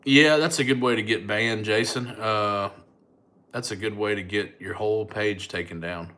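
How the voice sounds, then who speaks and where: A man's voice: fairly low pitch, fairly even intonation, moderate pace, pushed and bright. A middle-aged man, a comedian chatting casually on a livestream and answering viewers' comments. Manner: laid-back, chatty, thanks viewers by name.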